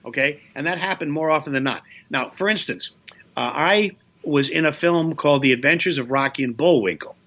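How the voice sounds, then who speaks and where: An older man, a voice actor guest, telling lively anecdotes in an interview with playful voice bits. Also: on the high side, a little fast, muffled recording.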